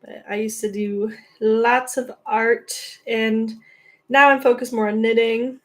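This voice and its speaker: A woman's voice: fairly high pitch, flat delivery, takes it slowly, fairly bright tone. Giggly young woman chatting on a livestream. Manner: chatty, giggly, coos baby talk at her cat. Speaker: knitting livestream host. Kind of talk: casual livestream chat.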